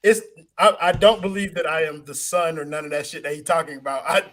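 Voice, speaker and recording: A young man hosting a late-night sports stream, chatting casually, laughing loudly and swearing freely. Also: fairly high pitch, fast talker. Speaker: host of a post-game sports stream. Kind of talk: casual profane chat.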